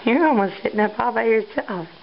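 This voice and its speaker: A mother talking baby talk to her infant, cooing in a sing-song way and sometimes dropping to a soft whisper, recorded on a home camcorder. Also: fairly high pitch, a little fast, creaky, a little hiss or hum. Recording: dull lo-fi home video sound.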